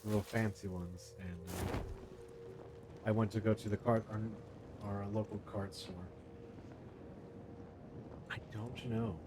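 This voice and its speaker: A man's voice: on the low side, steady tone, slow, pauses often, background noise. A man streaming a game from home, chatting casually and rambling between bites of food. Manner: rambling, chatty, talking while eating. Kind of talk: casual live-stream chat.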